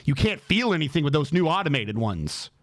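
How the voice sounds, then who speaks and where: Male streamer voicing a curt, irritated female hygienist; flat, lower, bossy delivery. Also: brisk. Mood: curt, scolding. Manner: blunt, flat and scolding. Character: curt, grumpy female dental hygienist, middle-aged.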